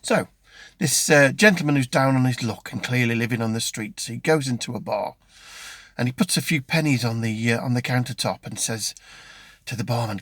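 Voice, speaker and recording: A man's voice: mid-range voice, a little fast, fairly bright tone, no echo. A middle-aged man with a British accent, chatting casually in a vlog from his car. He rambles and restarts often, with plenty of ums. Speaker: vlogger. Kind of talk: casual chat.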